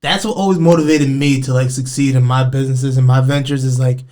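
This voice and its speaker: A young man hosting a podcast, telling stories in a lively, slangy way. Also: medium pitch, a little fast. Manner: animated storyteller, lively slangy delivery. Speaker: podcast host. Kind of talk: casual conversational interview.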